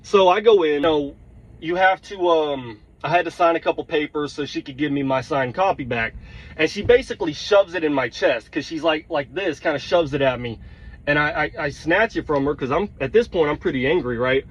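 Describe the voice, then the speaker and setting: A man's voice: fairly high pitch, brisk, poor audio. A truck driver telling a heated, blunt story, swearing and checking in with his listeners as he vents. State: tired. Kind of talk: storytelling vlog rant.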